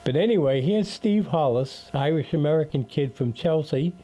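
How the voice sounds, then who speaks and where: An older man hosting a local radio show, talking casually with frequent pauses and restarts. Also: fairly high pitch, expressive, mellow. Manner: rambling, with many uhs and restarts. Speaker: radio host.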